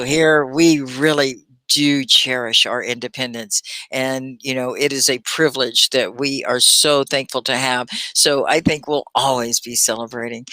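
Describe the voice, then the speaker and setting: A low-pitched woman with a bright, forward tone teaches English live online. She pronounces each word with careful diction and encourages her students as she reads their comments. The sound is dry and close, with no room echo. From Texas. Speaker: ESL teacher. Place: at home in central United States.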